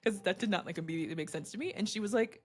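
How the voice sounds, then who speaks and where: Young woman vlogging, really animated, laughs a lot, voice jumps all over the place, mid-range pitch. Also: very fast, breathy edge. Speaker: podcaster and video host. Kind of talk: casual motivational talk to camera.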